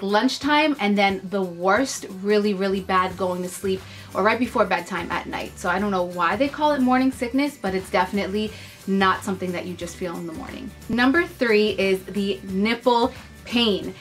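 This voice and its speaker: A young woman vlogging to camera, telling personal stories in a chatty, animated way with lots of fillers. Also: mid-range voice. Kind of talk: casual chat to camera.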